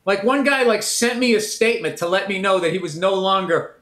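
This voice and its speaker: A high-pitched, middle-aged man riffs in a casual interview, mocking things and slipping into quick impressions. The room gives his voice a roomy echo. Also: bright, forceful tone. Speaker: comedian guest.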